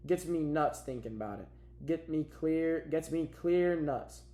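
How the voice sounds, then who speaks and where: A man's voice: fairly high pitch, expressive, a little slow, mellow. A man voicing a weary middle-aged migrant farm worker in a drawling rural dialect, recorded in a roomy space. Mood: anguished. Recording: roomy echo.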